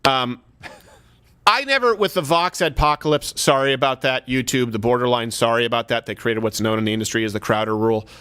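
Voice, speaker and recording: A man hosting a comedic political talk show, sarcastic and animated, shouting at times for emphasis. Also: mid-range voice, a little fast, clean tone. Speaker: host.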